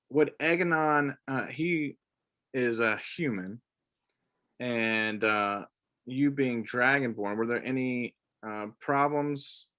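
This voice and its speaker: A man speaking very slowly with a bright, tense edge to his voice. He asks questions haltingly, pausing often and filling gaps with ums. The talk is casual, as a game master chatting with a player. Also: mid-range voice. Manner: slow, hesitant questions with long pauses. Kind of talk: casual chat.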